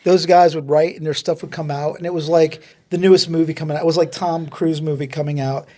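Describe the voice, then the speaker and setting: A man's voice: a little high, fairly even intonation, fast talker, warm tone. A man with a New Orleans accent, co-hosting a casual film podcast and talking in a reflective, musing way. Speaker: podcast co-host.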